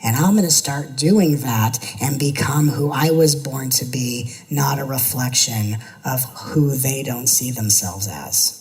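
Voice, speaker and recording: A man's voice: mid-range voice, measured pace, few pauses, darkish tone, poor audio. A man, a spiritual teacher, giving an earnest talk to an audience, building his points through repetition and now and then slipping into playful mimicry.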